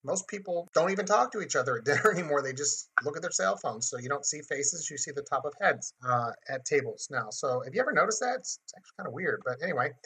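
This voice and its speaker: A man hosts a marketing webinar in a bright, forward, slightly high voice with a husky edge. He talks fast and animatedly with hardly any pauses, chatting conversationally and acting out short scenes and dialogue for listeners.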